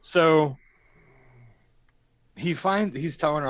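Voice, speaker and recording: A man's voice: a little high, takes it slowly, long pauses, highs cut off. A man telling a crude anecdote on a casual stream, swearing and acting out the quotes. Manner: profane, animated storytelling with acted-out quotes. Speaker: storyteller on a stream.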